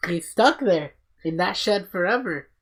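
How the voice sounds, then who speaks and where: A man hosting a casual podcast, telling stories in an excited, profane, rambling way. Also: high-pitched, unhurried. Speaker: podcast host.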